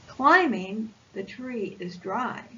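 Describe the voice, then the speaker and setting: An eager, bold young male possum from a picture book, put on by a woman reader. He talks quickly and brightly in a raised pitch. He sounds excited and sure of himself. The recording is lo-fi with a faint hiss. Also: heavily acted.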